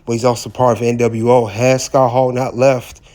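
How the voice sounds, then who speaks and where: A man's voice: mid-range voice, level tone, moderate pace, a little mellow. A man hosting a commentary recap, speaking hesitantly with frequent filler words. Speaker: wrestling commentary host.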